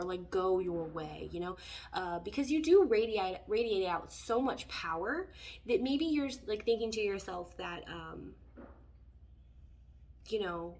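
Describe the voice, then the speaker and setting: Heard from a distance from the mic, this tarot reader has a medium-pitched voice. Her reading is relaxed and meandering, chatty in tone and packed with filler words.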